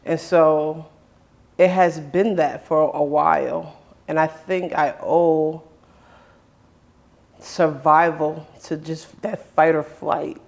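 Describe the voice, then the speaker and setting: A man's voice: on the high side, little pitch movement, slow, vocal fry. A man hosting a conversation, earnestly telling a personal story in his own words and often quoting what others said to him. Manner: earnest, with many restarts and quoted dialogue. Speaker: host.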